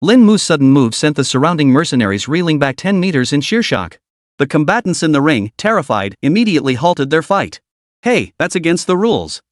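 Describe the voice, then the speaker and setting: A man narrates a fantasy comic story in a scripted, storytelling way. His voice sits a little high and moves up and down a lot. The sound is dry and close. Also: very animated, a little fast, dry recording.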